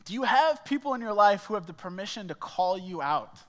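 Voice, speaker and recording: Speaking quickly in a high, slightly bright voice, a young small groups pastor is very animated as he delivers a sermon. He jokes at his own expense while telling stories conversationally, and the church auditorium gives the recording a strong reverb.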